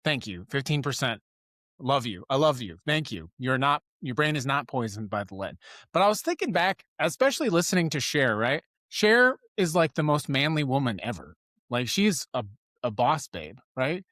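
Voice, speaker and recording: A man's voice: mid-range voice, very animated, normal speed, a bit bright, dry recording, clean studio sound. A man hosting a live news commentary show, riffing sarcastically and breaking off his own sentences. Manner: sarcastic, riffing, self-interrupting. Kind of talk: rambling political commentary.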